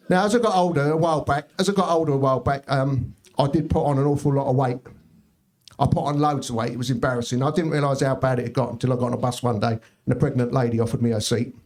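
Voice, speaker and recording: A middle-aged man doing a stand-up set in a comedy club, telling stories deadpan with quick asides to the crowd. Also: on the high side.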